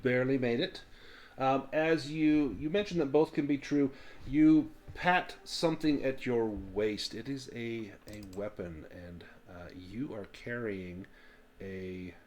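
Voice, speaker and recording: A man running a tabletop game as game master, narrating in a halting way with many fillers. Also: mid-range voice, slight background noise.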